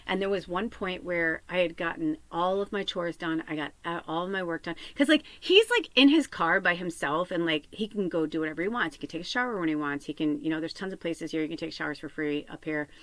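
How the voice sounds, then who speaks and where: A woman's voice: on the low side, fairly quick, few pauses, no room sound. Rambling, chatty woman podcaster. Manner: rambling, repeats "I'm like", animated retelling. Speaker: podcast host and spiritual medium. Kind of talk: casual rambling chat.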